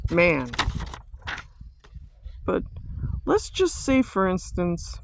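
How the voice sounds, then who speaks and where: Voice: mid-range voice, no room sound. Vlogger, mid-range voice, dead-dry recording; profane conspiracy rant full of stumbles and "have you ever thought of that". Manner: ranting, repetitive rhetorical questions, heavy swearing; halting restarts and stumbles.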